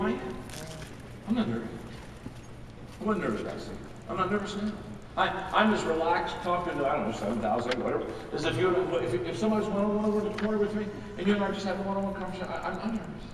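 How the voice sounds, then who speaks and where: A man's voice: sits high, fast, background noise. An older man giving a motivational keynote talk, folksy and anecdotal, playing to a large crowd. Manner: folksy storytelling, quotes imagined audience voices. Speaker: keynote speaker. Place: large event hall. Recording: echoey hall with crowd, from far off. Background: live audience laughter.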